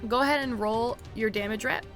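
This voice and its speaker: A woman runs a tabletop game as game master, her voice very bright and a touch high. She narrates briskly, with scattered ums between beats. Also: faint music behind.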